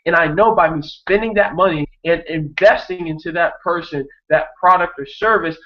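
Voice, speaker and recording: A young man giving a motivational talk on a video hangout, energetic and repetitive, often tagging "right?" on his sentences. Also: fairly high pitch, moderate pace, muffled recording. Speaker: network marketing coach.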